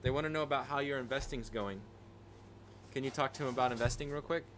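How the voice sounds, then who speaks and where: A man's voice: medium pitch, quick pace, a bit bright, faint music behind. A man hosting a casual livestream from a room at home on a desk microphone, rambling with restarts and thanking viewers by name. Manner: rambling, with many restarts and fillers. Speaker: livestream host. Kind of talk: casual live-stream chat. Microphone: desk microphone with a level meter.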